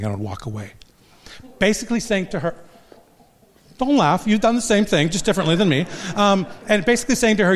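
A man's voice: fairly high pitch, animated, a little fast. An older man, a pastor and marriage counselor, giving a humorous, self-deprecating talk to a live audience. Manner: self-deprecating, joking storyteller.

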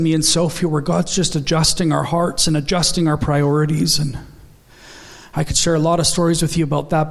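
Earnest man preaching a sermon. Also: a little high. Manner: storytelling, earnest, quotes dialogue in his stories.

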